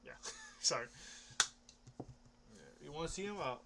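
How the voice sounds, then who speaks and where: A man's voice: on the high side, very animated, unhurried, heavy background noise. A young man rambling casually about comics, hesitant, restarting often and swearing offhandedly. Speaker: comic book vlogger.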